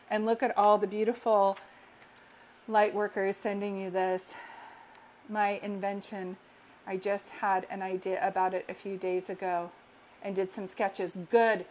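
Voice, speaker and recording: A woman's voice: mid-range voice, level tone, measured pace, a little mellow. A woman working as a psychic medium, giving an affectionate, reassuring reading on a live stream and repeating affirmations earnestly. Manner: affectionate and reassuring, calls listeners sweetheart.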